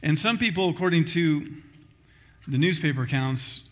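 A man preaching as a pastor, telling a story with lively acted-out quotes before closing in prayer. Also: on the high side. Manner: storytelling, acting out quoted voices; ends in a spoken prayer. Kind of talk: sermon.

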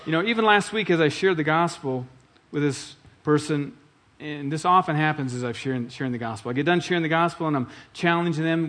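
A man's voice: a little high, a little fast, fairly bright tone. Emphatic male pastor preaching. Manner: emphatic, repeats key phrases, asks the congregation questions. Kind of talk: sermon.

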